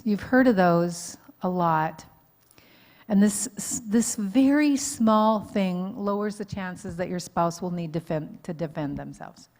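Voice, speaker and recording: A woman counselor giving an informal teaching talk at a live church conference, often checking in with the audience and laughing at herself. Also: medium pitch. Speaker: marriage counselor and conference speaker. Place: church hall, live event.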